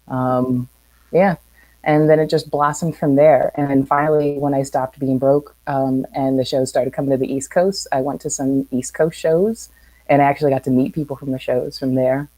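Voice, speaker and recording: A woman's voice: extremely low pitch, little pitch movement, normal speed, warm tone, dry recording, low-quality recording. A woman from the northeastern US, a guest in a casual livestream interview, talking in a modest, easygoing, slightly hesitant way. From northeastern United States.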